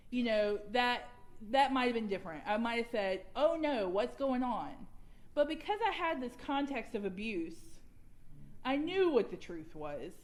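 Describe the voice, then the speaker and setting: A young adult woman, candidly sharing her personal recovery story at a workshop and laughing at herself now and then. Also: on the high side. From Georgia, US.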